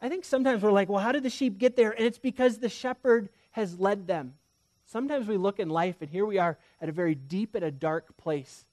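Brisk and high-pitched, this thirty-something pastor delivers his sermon with stories and direct address to the congregation. His delivery shifts from booming emphasis to an almost whispered hush, recorded without echo.

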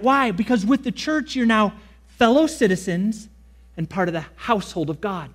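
High-voiced preacher, emphatic. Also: male voice. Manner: emphatic preaching, shifts between quick asides and slow stressed words. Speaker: pastor. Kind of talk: sermon.

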